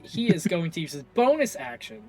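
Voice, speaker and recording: A man's voice: high voice, soft background music. A man narrating as game master, livening up his storytelling and correcting himself on the fly. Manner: animated, quick self-corrections.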